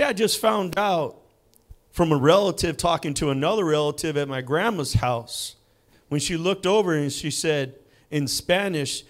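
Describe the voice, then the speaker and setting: A man preaching in a church, telling a personal story slowly with dramatic pauses. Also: fairly high pitch. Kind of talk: sermon with personal testimony. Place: church sanctuary.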